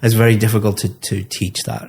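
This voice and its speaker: Low-voiced man giving test feedback. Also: little pitch movement, rapid-fire, a little mellow, slight background noise. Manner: patient, explanatory, frequent small restarts. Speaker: English test teacher.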